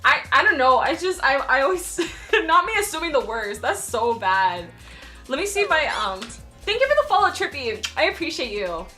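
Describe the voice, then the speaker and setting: A woman's voice: high-pitched, very animated, normal speed, sharp tone, faint music behind. A young woman streamer chatting casually with her viewers, often laughing and apologizing as she reads chat.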